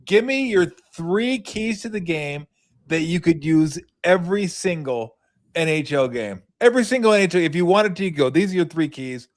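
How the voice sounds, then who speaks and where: A man's voice: high voice, animated, moderate pace. A man hosting a sports talk show, setting up his questions casually. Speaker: sports radio host.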